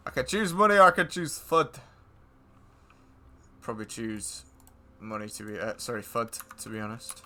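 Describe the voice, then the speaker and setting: A man's voice: medium pitch, big pitch swings, moderate pace, pauses often, sharp tone. A man streaming a game live, giving casual commentary full of blunt, profane banter.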